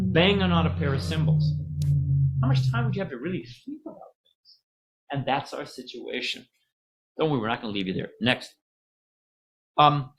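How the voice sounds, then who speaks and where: A middle-aged man giving a casual, joking spiritual talk, pausing to ask the audience questions. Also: a little high, fairly bright tone, a little hiss or hum.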